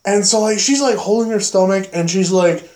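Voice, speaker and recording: Casual podcast host, young man, slightly high voice, excitable storyteller, echoey room. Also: normal speed. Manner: animated, profane storytelling with acted-out exclamations. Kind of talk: casual chat.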